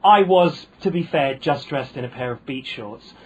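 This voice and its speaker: A man's voice: medium pitch, lively intonation, normal speed, a little hiss or hum, rough recording. A man with a posh British accent, a comedian guest telling wry anecdotes in casual chat, full of ums and restarts. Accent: posh British English.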